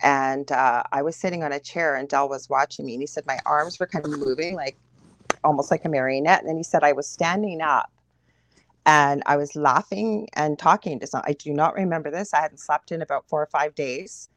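A woman's voice: sits low, a little fast. A woman from Canada, a guest medium, vividly recounting a story in a conversational interview. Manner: animated, vivid retelling.

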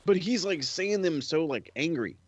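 A man rants about wrestling in a profane, animated way, slipping into quick impressions of others. His audio sounds dull and lo-fi. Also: fairly high pitch, dry recording. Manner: profane, animated, mimics people. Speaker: podcast co-host. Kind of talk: casual wrestling chat.

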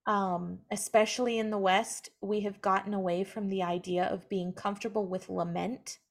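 A woman's voice: mid-range voice, moderate pace. A young woman speaking earnestly as a guest in a casual conversation about faith, sometimes acting out what other people say. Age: young adult. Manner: earnest, animated when quoting others. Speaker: guest, mother sharing her story.

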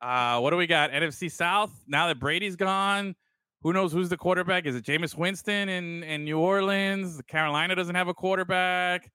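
Bright-voiced man riffing on football. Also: high voice, moderate pace, clear, resonant tone, dry recording. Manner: rambling, swears freely, calls people bro. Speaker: podcast co-host. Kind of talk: casual sports chat.

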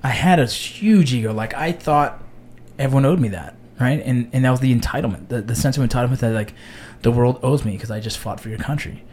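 A man's voice: medium pitch, brisk, a little hiss or hum. A man in his thirties, an army veteran hosting a casual chat, blunt and profane, telling stories with animation. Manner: blunt, swears a lot, animated storytelling. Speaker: podcast host, army veteran.

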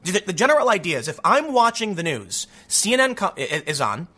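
A man delivering a political commentary monologue in a high, bright voice that leaps around in pitch. His tone is incredulous and sarcastic as he reads articles aloud, with a slightly husky edge. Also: very animated, fairly quick. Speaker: commentator hosting his own channel.

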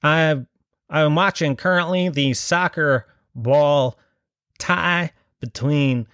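A man putting on the voice of a clueless American man reporting on soccer, drawling his mangled sports jargon like a slow announcer. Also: fairly high pitch, a bit bright, clear, resonant tone, no room sound, clean studio sound. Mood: mock-announcing. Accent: put-on American.

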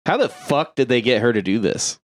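A man's voice: mid-range voice, expressive, a little fast, dry recording, studio quality. A man co-hosting a film podcast, tossing in wry jokes during casual chat. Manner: wry, joking interjections. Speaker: podcast co-host.

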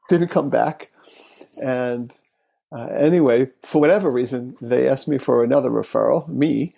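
A man who works as a therapist, recounting a case as an interview guest in an unhurried, thoughtful way, speaking in short phrases. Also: medium pitch, gravelly, dark tone, poor audio. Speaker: therapist and relationship expert.

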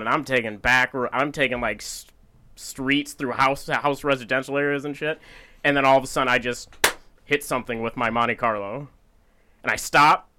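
Young guy rambling through a story, keeps restarting, bright voice. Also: mid-range voice. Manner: rambling storyteller, restarts a lot, casual swearing. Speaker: podcast co-host. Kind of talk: casual chat.

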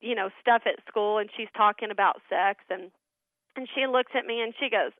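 A middle-aged woman, a ministry founder, telling family stories as a radio interview guest in an earnest, animated way. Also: medium pitch, moderate pace, no echo. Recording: tinny phone line.

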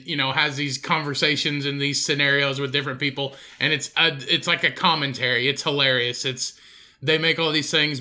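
A young man with a slightly high, bright voice who tells loose, rambling stories. He swears freely and talks in a relaxed, offhand way as a podcast host. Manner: rambling, profane storyteller. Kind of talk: casual chat.

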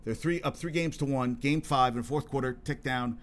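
A man's voice: medium pitch, normal speed. A man hosting his own solo podcast, talking in a rambling, profane way with lots of restarts and getting worked up as he goes. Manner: worked up and emphatic. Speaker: podcast host.

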